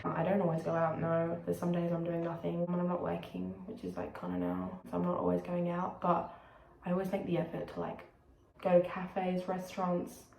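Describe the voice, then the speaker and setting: A woman's voice: on the low side, vocal fry, darkish tone. Frank, rambling young Australian woman. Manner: rambling, frank and sweary, shifts into quick put-on voices. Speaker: vlogger. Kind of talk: casual chat to camera. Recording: echoey room with faint background noise.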